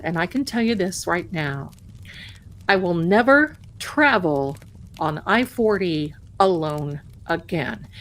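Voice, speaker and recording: A woman's voice: lowish voice, slight background noise. Give me a woman on a live stream telling her viewers a scary story from her own life, dramatic and emotional, tripping over her words. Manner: dramatic, breathless retelling with restarts. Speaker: host of a live tarot channel.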